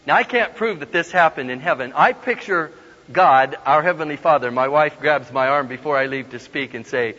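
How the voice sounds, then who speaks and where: A man giving a humorous storytelling sermon, animated and laughing often as he acts out the voices in his stories. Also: a little high, normal speed. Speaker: guest preacher. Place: large hall with an audience. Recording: dull lo-fi sound with long hall reverb.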